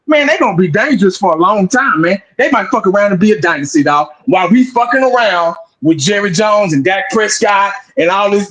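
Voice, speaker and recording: Male sports host, high-pitched, casual and profane, hammering his points home. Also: a bit bright, low-quality recording. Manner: profane, emphatic, repeats 'man' often.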